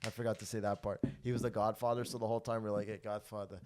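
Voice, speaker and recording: A man hosting a comedy podcast, telling rambling, profane stories with sudden loud bursts. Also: lowish voice, flat delivery, racing. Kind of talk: casual comedy podcast chat.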